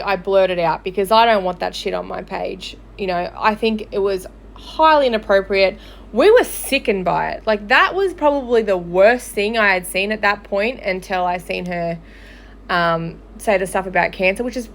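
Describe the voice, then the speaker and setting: A woman hosting a gossip livestream, angry and swearing as she rants. Her pitch sits in an ordinary middle range, and her talk is loose and conversational, full of fillers. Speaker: gossip page host. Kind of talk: livestream commentary.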